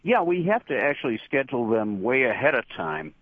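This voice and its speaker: A middle-aged man, a horror show host giving relaxed, chatty interview answers and laughing easily. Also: mid-range voice, fairly quick, no echo. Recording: dull lo-fi dry line.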